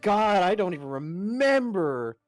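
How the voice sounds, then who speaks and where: A woman's voice: medium pitch, a little slow. A woman casually recapping a game session as a player, swearing and laughing as she tells it. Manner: animated, laughing, swearing storyteller. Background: faint background music.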